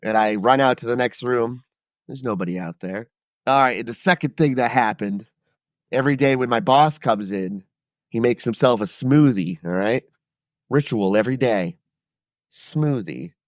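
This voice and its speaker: This podcast co-host has a mid-range voice at ordinary speed, captured with studio quality and no room sound. He spins stories casually, rambling loosely and cursing a lot.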